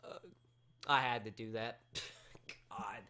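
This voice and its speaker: A man hosting a casual live talk show, excitable and rambling, with his voice cracking and breaking into sudden shouts. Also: fairly low pitch, slow pace.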